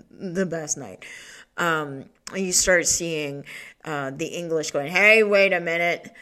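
A woman's voice: low-pitched, fairly bright tone. A woman hosting a solo podcast in a rambling, profane way, laughing often and restarting her sentences. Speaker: podcast host. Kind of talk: casual solo podcast talk.

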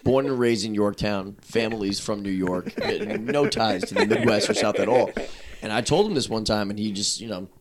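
A man with a somewhat low voice, chatting on a casual podcast. He rambles through anecdotes and teases his friends, with loose, unhurried talk. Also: over a noisy crowd. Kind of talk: casual chat.

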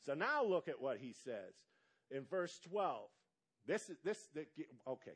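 Animated preaching man, lively pitch. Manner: animated preaching with call-and-response questions to the congregation; drawn-out emphatic words. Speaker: pastor. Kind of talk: sermon.

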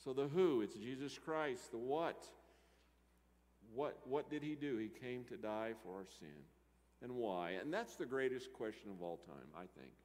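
A man preaching a sermon, moving between loud emphatic lines and quiet asides. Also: mid-range voice, animated, measured pace. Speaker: pastor. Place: church sanctuary. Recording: church hall reverb.

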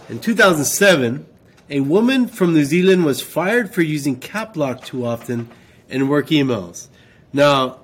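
A man's voice: mid-range voice, breathy edge. Casual joking male podcast co-host. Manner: animated, jokey, shouts mock all-caps readings. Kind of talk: casual chat.

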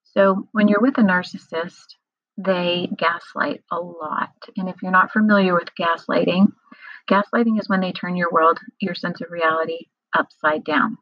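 A middle-aged woman speaking earnestly about her own experience in a personal monologue, often pausing on "um". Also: on the low side, no echo. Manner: earnest, explanatory, many filler ums. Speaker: survivor sharing personal experience. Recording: dull lo-fi recording.

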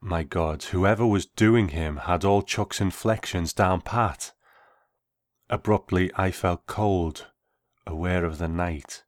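Deep-voiced man reading his story. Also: dry recording, clean studio sound. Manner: measured, reflective. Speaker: narrator. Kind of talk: first-person story reading.

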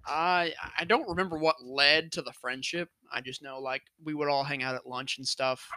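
A man with a bright, slightly high voice tells a rambling story to his friends in a casual chat. He swears freely and laughs through his memories, close and dry on the mic. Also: steady tone, normal speed, clean tone, no room sound. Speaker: podcast co-host telling a story.

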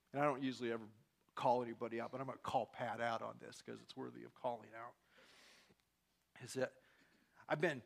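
A male pastor preaching a sermon, swinging from loud, emphatic lines to quiet, personal confiding. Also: medium pitch, vocal fry.

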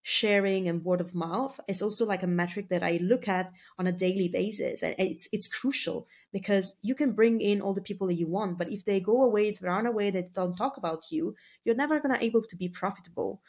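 A woman's voice: medium pitch, brisk, few pauses, darkish tone. A woman speaking as a marketing guest on a podcast, talking in a chatty, filler-heavy casual way and laughing easily. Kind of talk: casual interview talk.

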